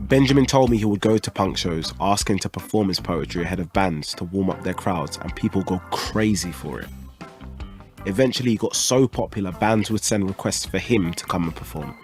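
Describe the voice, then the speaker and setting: A man with a very low voice reads scripted documentary narration at a measured pace. Music plays underneath. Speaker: host, narrator.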